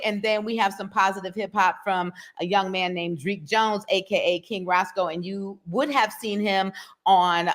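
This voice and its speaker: Animated woman poet and host. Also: medium pitch. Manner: animated, playful storytelling. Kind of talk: casual interview chat.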